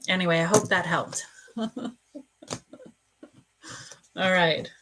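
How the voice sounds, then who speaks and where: A woman's voice: lowish voice, fairly even intonation, slow, fairly bright tone. A middle-aged woman psychic reading for viewers on a live stream, soothing and calling them dear and love. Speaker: psychic reader.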